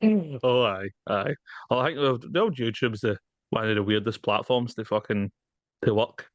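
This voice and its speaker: A man's voice: mid-range voice, expressive, moderate pace, no echo, dull audio. A man with a Glaswegian accent co-hosting a podcast, talking in a laid-back, sweary way. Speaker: podcast co-host. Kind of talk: casual chat.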